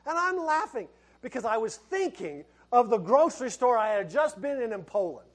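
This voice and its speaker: Speaking at normal speed with an extremely high pitch and big swings in tone, a middle-aged pastor delivers a folksy, conversational sermon. He laughs and restarts his sentences along the way.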